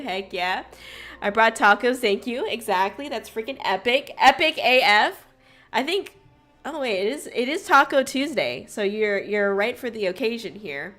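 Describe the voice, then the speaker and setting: A young woman hosting a casual livestream, bubbly and chaotic, greeting her chat loudly and laughing often. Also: on the high side. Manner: frequent laughter. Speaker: streamer host.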